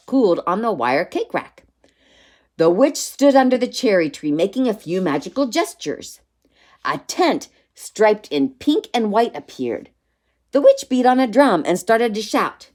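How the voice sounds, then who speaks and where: A woman reading a children's storybook aloud with expressive, animated telling. Her voice sits fairly low but leaps up and down with lively emphasis. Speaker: story reader.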